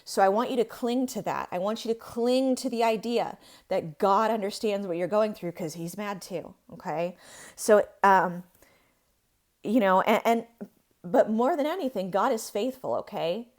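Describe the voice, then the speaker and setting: A woman in her thirties gives a faith-based teaching talk. She is earnest and emphatic, pushing hard on her key points and building to real intensity. Her voice sits at an ordinary middle pitch. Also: normal speed. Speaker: podcast host.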